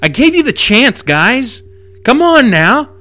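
A man's voice: high-pitched, expressive, unhurried, fairly bright tone. A man voicing an impatient ancient king who talks in casual modern slang and pushes his listeners to give in. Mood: exasperated. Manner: casual modern talk, coaxing and pushy.

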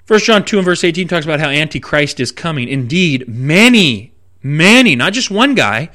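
A man's voice: fairly high pitch, very animated, moderate pace, pushed and bright. A man who is a preaching minister, teaching the Bible on a radio broadcast with emphatic delivery and wry asides.

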